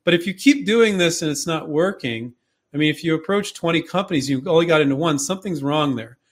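A man's voice: on the high side, a little fast. A man hosting a show, casually coaching inventors and acting out quoted dialogue. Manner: animated, acts out quoted dialogue. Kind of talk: casual advice talk.

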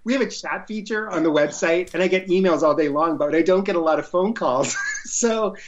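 A man, an entrepreneur being interviewed, telling an excited, rambling story in casual chat. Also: high voice, a little fast. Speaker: entrepreneur, guest. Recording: muffled lo-fi sound.

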